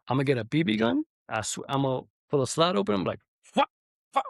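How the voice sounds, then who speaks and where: A young man hosting a podcast, telling an animated, profanity-heavy story in casual chat. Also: on the high side, moderate pace, gravelly, no room sound. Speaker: podcast host.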